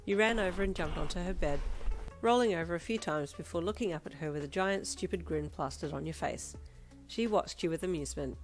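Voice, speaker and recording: A woman reading a fanfiction story aloud in second person, with a steady, expressive narration. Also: low-pitched, fairly quick. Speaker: fanfiction reader. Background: soft backing music.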